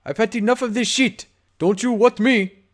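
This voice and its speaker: A man's voice: extremely high pitch, normal speed, pitched above the performer's own voice. A man voicing a menacing, crude male pony gangster in a fan audiobook, taunting and swaggering. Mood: furious.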